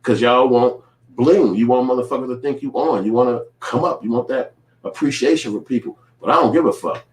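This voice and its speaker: An independent filmmaker and vlogger in his 40s from Chicago rants casually to camera in a reaction video, using profane, emphatic street talk. His voice is mid-range and fairly quick, with a roomy sound.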